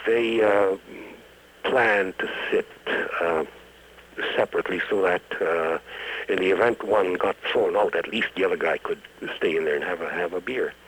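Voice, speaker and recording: Brief: male interviewee, gravelly low voice, lively pitch, halting storytelling. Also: rough recording. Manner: slow, halting with many fillers. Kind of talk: oral-history storytelling.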